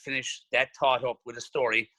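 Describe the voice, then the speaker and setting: A man spins an animated anecdote, acting out the people in it. His voice is bright and forward, recorded close and dry with no room sound. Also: mid-range voice, brisk, dry recording, poor audio. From Ireland. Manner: animated anecdote teller who acts out quotes. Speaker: pub and restaurant owner, guest. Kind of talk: casual storytelling.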